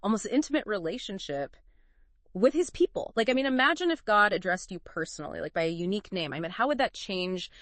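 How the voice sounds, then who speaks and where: A woman's voice: medium pitch, expressive, brisk, fairly bright tone, dry recording. A woman co-hosting a Bible discussion podcast, chatty and full of fillers and rhetorical questions. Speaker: podcast co-host.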